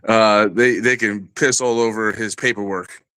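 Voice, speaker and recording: A man telling a long, animated and profane story in a casual podcast chat. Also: on the low side, no echo. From New York area.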